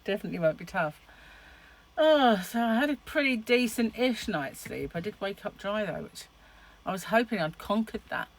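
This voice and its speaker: A woman's voice: medium pitch, animated, normal speed, gravelly, low-quality recording. A middle-aged woman chatting casually to camera in a rambling, laughing way. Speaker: vlogger.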